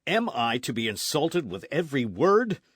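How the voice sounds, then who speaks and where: A man voicing a proud, elderly nobleman who swings from stiff dignity to outraged shouting, in a dry, close audiobook recording. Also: on the low side, sing-song, normal speed, no room sound. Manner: indignant, proud, rising to shouts. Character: pompous, outraged elderly Spanish-Californian nobleman.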